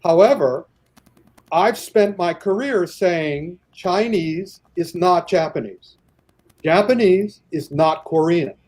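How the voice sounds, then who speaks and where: A man's voice: high-pitched, takes it slowly, a little mellow. A man in a casual debate chat, talking passionately and rambling with many restarts.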